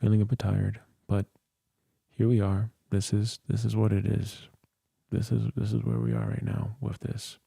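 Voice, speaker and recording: A man's voice: fairly low pitch, moderate pace, vocal fry, dark tone, husky, dry recording. A tired man hosting a livestream, rambling and thinking aloud into a close studio mic. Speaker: livestream host. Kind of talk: casual livestream chat. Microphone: close studio dynamic mic.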